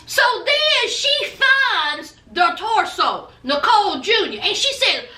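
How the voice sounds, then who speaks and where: Sassy woman recap host, high and bright voice, roomy echo. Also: sing-song, takes it slowly, hardly any pauses. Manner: sassy, gossipy. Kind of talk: casual chat.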